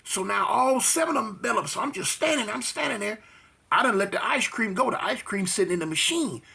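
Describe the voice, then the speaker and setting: A high-voiced man with a raspy, gravelly edge tells a street story with wild swings in pitch. His tone is bright and lively, and he breaks into punch sounds and other people's voices as he goes. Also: brisk. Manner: acts out voices and fight sounds, slangy.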